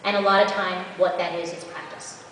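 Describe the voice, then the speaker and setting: Woman, convention Q&A panel, chatty advice, low-ish voice, distant, long hall reverb. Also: level tone, a little fast, a bit bright, slight background noise. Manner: chatty, practical advice with asides. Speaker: convention panel guest voice actor. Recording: echoey hall, far from mic.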